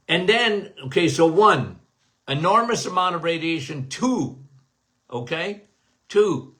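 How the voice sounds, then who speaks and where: A man's voice: a little high, bright, forceful tone. A middle-aged man hosting a health Q&A podcast, talking casually and repeating phrases for emphasis as he addresses his listeners as guys. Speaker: podcast host, doctor.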